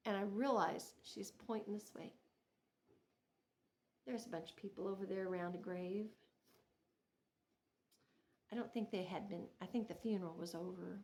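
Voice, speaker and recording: A woman's voice: medium pitch, normal speed, pauses often, slight background noise. A middle-aged woman telling family stories in a casual, chatty knitting vlog, often laughing and restarting her sentences. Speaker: knitting vlogger. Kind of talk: casual storytelling to camera.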